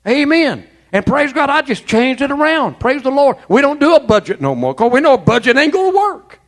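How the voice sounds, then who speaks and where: High-voiced man preaching fervently. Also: big pitch swings, brisk. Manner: fervent preaching with frequent amens and praise interjections; folksy, colloquial storytelling. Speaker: pastor. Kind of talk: sermon.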